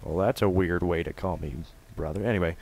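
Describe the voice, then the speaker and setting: A man doing let's play commentary, swinging from excited yelling and taunts to quiet muttering. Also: low voice, brisk, gravelly. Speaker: gamer.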